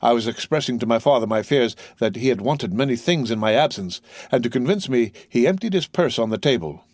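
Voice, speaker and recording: Man playing an earnest young sailor, emotional, devoted son, animated pitch. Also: fairly quick, no room sound, close to an everyday voice. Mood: polite.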